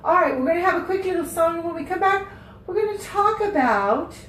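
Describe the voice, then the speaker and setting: A woman with a very high-pitched, lively voice, slightly fast and a bit bright, hosts a casual radio show. She chats and rambles, often losing her train of thought, and the recording is roomy and off-mic with a distant microphone.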